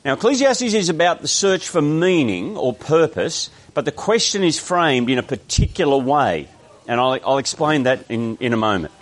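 A man's voice: on the high side, very animated, normal speed. A man with an Australian accent preaching a sermon, explaining a text in a conversational way with frequent restarts.

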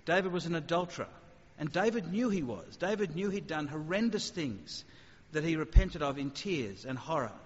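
Animated male speaker in a reverberant hall. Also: fairly high pitch, normal speed, few pauses, slightly rough. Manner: animated, conversational, sudden acted asides. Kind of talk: evangelistic talk with questions. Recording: muffled hall recording with faint noise.

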